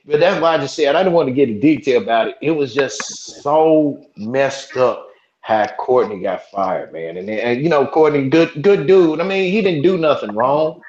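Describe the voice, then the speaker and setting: A man's voice: mid-range voice, normal speed, darkish tone. A man in his forties, a podcast host, telling a story in casual chat, rambling with lots of restarts and cursing. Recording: roomy, dull lo-fi sound.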